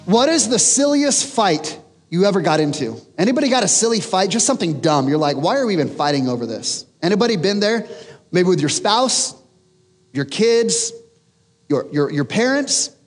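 High, lively-voiced man preaching. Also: moderate pace, in a large hall, faint music behind. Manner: animated storytelling, self-mocking humor. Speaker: pastor. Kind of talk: sermon.

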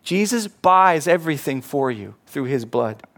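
A man preaching a sermon as pastor, animated, acting out quoted voices and laughing at himself. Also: fairly high pitch, measured pace.

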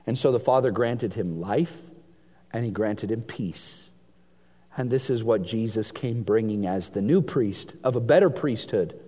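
A man preaching a sermon, reading scripture aloud and swinging between hushed and emphatic delivery. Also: fairly high pitch. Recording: long hall reverb.

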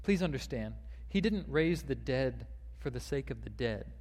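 Preacher in a reverberant sanctuary. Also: male voice, mid-range voice, animated, moderate pace, darkish tone. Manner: reads a long quoted passage aloud, with fillers and restarts. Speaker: pastor. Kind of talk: sermon.

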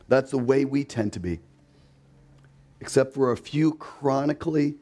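A man's voice: medium pitch, darkish tone. A man preaching a sermon in a conversational way, with rhetorical questions and emphatic repetition, and acting out the voices he quotes. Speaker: pastor.

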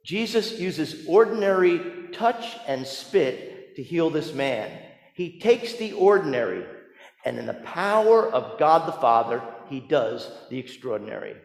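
A man's voice: fairly high pitch, big pitch swings, unhurried. A man preaching a sermon as a pastor, telling the story with animation and asking the congregation rhetorical questions. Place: church sanctuary. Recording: echoey church hall with long reverb.

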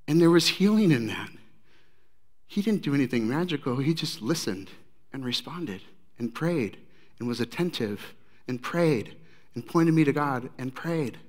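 A man preaching a sermon in a conversational, animated storytelling way. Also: on the high side, a little slow, long pauses. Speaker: pastor.

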